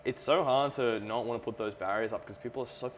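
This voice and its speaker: A man's voice: medium pitch, fast talker, slight background noise. A young Australian man chatting casually as an interview guest, laid-back, laughing often and swearing freely. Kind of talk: casual chat.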